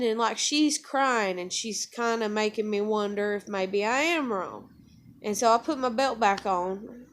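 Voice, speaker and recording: A woman's voice: mid-range voice, unhurried. Woman, casual storytelling, rambling, profane, acts out dialogue. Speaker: vlogger telling a personal story.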